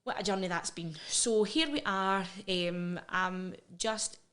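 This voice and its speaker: A woman's voice: mid-range voice, slow, a bit bright. A Scottish woman in her thirties, guest on a podcast, recounting personal experiences frankly and with feeling, often restarting her sentences. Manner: frank and emotional, with frequent restarts. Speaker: interview guest. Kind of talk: candid personal interview.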